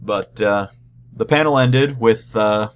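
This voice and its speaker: Rambling, halting young man vlogger. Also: lowish voice, clear, resonant tone. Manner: rambling, halting, many restarts and fillers. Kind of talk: casual convention recap.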